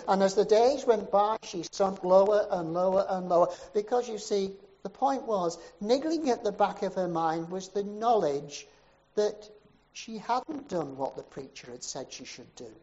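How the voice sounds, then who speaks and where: A man preaching a sermon as a story, with rhythmic repetition that swells to emphatic peaks and sinks low again. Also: a little slow, darkish tone. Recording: dull, muffled sermon recording.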